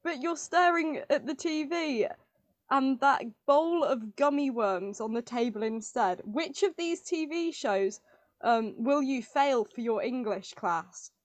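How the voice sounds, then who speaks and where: A woman's voice: high-pitched, unhurried, no echo. A woman co-hosting a podcast, reading quiz questions in a bubbly, giggly, chatty way. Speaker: co-host.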